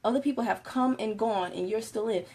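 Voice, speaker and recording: On a live stream, a woman gives a casual motivational talk in a slightly high, brisk voice with a breathy edge. She's animated and laughs often, moving between soft and loud.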